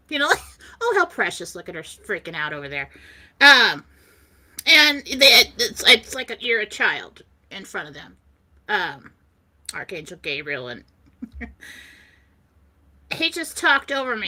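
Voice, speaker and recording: A woman's voice: fairly high pitch, sharp tone. A woman co-hosting a talk show, animatedly telling a personal story in casual chat and laughing often as she goes. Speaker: co-host.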